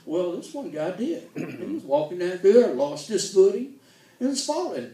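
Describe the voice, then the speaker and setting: A man's voice: sits high, very animated, moderate pace, warm tone. A man telling folksy jokes in a stand-up style, laughing at his own punchlines. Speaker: comedian. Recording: echoey room, distant mic.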